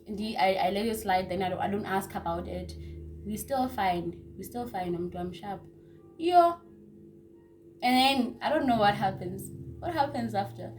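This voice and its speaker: A young woman telling a casual story-time tale, chatty and repetitive, with hushed asides. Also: medium pitch, a little hiss or hum. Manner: chatty, repeats words, drops into hushed asides. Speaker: vlogger.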